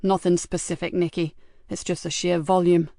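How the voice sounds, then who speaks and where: A woman narrator voicing a gruff, loyal male police superintendent who speaks bluntly and firmly. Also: lowish voice, flat delivery, normal speed, dark tone, no echo, studio quality. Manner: blunt, firm.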